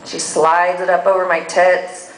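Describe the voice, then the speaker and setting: A woman telling a bawdy story live on stage, expressive and laughing often, captured on a phone in an echoey room. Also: on the low side, a little slow, slight background noise. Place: live venue with audience. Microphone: phone recording.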